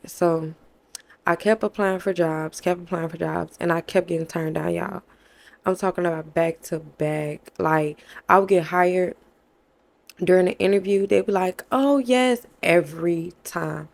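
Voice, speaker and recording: A woman's voice: lowish voice, gravelly. A young woman, candidly telling a personal story to her viewers, calling them y'all and acting out what people said to her. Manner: conversational, addresses viewers as y'all, acts out quoted dialogue. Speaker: faith vlogger.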